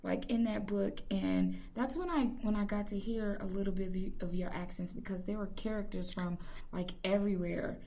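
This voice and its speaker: A woman's voice: medium pitch, steady tone, normal speed, dark tone. A woman hosting a casual interview podcast, enthusiastic and rambling, giggling often. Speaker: podcast host.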